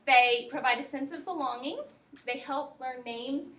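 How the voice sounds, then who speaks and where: A woman teacher presents a workshop to fellow teachers in a high voice at a moderate pace, relaxed and practical as she addresses her audience directly. The room is echoey and the mic sits at a distance.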